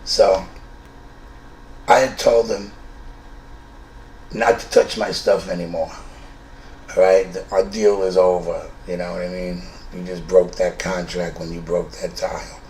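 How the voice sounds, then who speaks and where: Man in his fifties, New York accent, low voice, blunt and profane, roomy echo, faint hiss. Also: little pitch movement, unhurried, mellow. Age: 50s. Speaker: storyteller. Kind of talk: true-story monologue. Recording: roomy room with faint noise.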